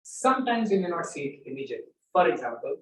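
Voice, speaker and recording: A man leading an informal spiritual talk with an audience, telling stories and acting out his examples with lively energy. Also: fairly high pitch, fast. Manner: animated storyteller, acts out examples. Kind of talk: informal lecture with audience questions. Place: room with a small audience. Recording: echoey room, mic at a distance.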